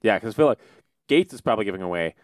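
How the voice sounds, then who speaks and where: A male podcast co-host in full rant, swearing freely and dropping into mocking voices. His pitch swings widely as he talks. The sound is dry and close. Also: lively intonation, very fast, no room sound. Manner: ranting, profane, mocking voices. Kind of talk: casual comedic podcast chat.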